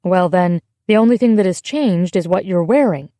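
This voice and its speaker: A woman voicing a kind, steady American woman who comforts a frightened girl in a gentle but firm way. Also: lowish voice, normal speed, dry recording, natural voice. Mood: reassuring.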